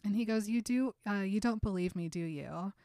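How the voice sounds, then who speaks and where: A woman co-hosting a casual chat, reading book passages aloud in a softer voice and laughing often. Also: mid-range voice, normal speed, no echo. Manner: reads quotes softly, laughs often. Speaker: podcast co-host.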